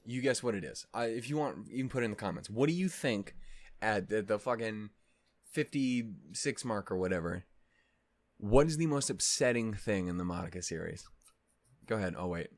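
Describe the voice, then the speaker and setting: A man's voice: lowish voice, expressive, normal speed. A man hosting an anime discussion, talking in a casual, rambling rant full of profanity and mock outrage. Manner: rambling with many fillers and restarts.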